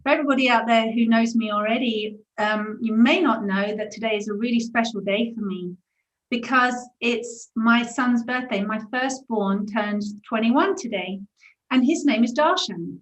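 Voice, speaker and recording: A woman in her forties with a Brighton English accent, hosting a casual interview and speaking in a gushing, affectionate, spiritual way. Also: fairly high pitch, normal speed, reverberant. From England. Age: 40s. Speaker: host.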